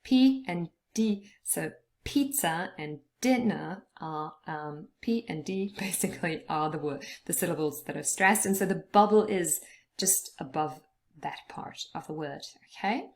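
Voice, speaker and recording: A woman explaining word stress in a relaxed, chatty way, often checking in with "okay?". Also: sits low, unhurried, vocal fry. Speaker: English teacher.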